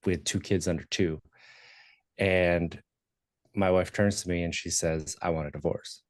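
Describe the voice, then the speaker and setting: A man in his thirties speaks in a very low voice, candid and reflective, pausing on fillers as he tells his own story as a podcast guest. The recording is dry and close. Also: darkish tone, no room sound. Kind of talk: personal story in conversation.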